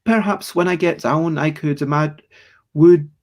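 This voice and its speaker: A man's voice: a little high, measured pace. A man hosting a casual live stream, rambling chattily about board games and greeting viewers in the chat as he goes. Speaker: streamer and host.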